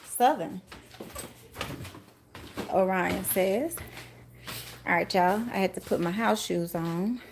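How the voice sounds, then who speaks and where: A woman's voice: medium pitch, slow, gravelly, long pauses, noisy background. A woman tarot reader chatting casually with viewers during a live stream, calling them y'all and laughing often while she moves around fetching things.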